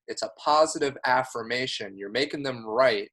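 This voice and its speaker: A man's voice: mid-range voice, normal speed, a bit bright. A man coaching a new agent, speaking in an earnest, emphatic and encouraging way. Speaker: sales coach. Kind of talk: coaching talk.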